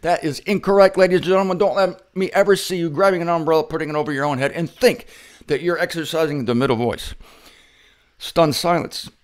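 A man's voice: on the high side, a little fast. A man teaching the Bible in a playful, theatrical way, repeating his key points with emphasis and telling stories with mock drama. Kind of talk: humorous Bible teaching monologue.

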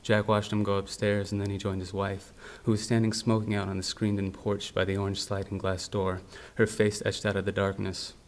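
A man from the United States reading his own literary fiction aloud in a steady, measured way. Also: lowish voice. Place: university library event.

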